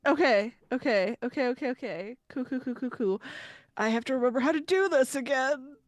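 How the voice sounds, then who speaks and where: A woman's voice: high voice, brisk, no room sound. A woman playing a tabletop game, giggling and hesitant, often unsure of the rules. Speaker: player.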